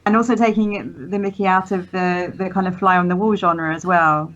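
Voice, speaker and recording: A woman's voice: fairly low pitch, fairly even intonation, fairly quick, a bit bright, highs cut off. A woman in a casual review chat, chatty and hesitant.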